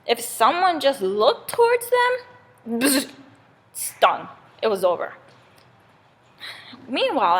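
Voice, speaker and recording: A woman's voice: on the high side, fairly bright tone. A young woman casually retelling a fable aloud as a student storyteller, with many fillers. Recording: long reverb in a hall.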